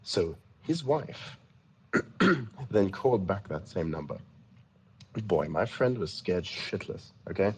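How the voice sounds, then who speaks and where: A man's voice: low voice, animated, slow pace, long pauses, darkish tone, slight background noise. A man casually telling prank-call stories in a rambling, stammering way. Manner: rambling, stammering restarts, chuckling. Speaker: storyteller in a voice chat. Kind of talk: casual storytelling.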